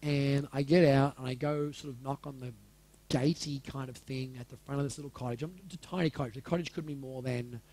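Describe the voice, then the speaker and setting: A man's voice: mid-range voice, steady tone, fairly quick, dark tone. A man in his forties telling a personal story to a live audience in a candid, casual way, swearing freely and asking the room questions. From Australia. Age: 40s.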